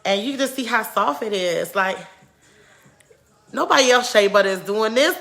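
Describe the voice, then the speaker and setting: A woman's voice: on the high side, expressive, normal speed, vocal fry, pauses often, fairly bright tone. A woman who runs a small business tells how she started it, in a chatty way and acting out things she once said. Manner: chatty, acts out her own past remarks. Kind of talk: casual vlog storytelling.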